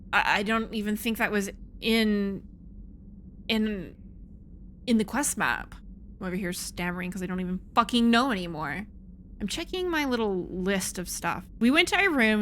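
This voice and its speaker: Higher-voiced woman swearing through a game. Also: pushed and bright, slight background noise. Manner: chatty, frustrated, swears freely. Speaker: game streamer. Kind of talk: casual let's-play commentary.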